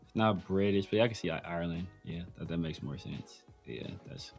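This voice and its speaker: A man's voice: sits low, brisk, darkish tone, faint music behind. A man hosting a casual sports talk show, rambling with many restarts and fillers. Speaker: podcast host.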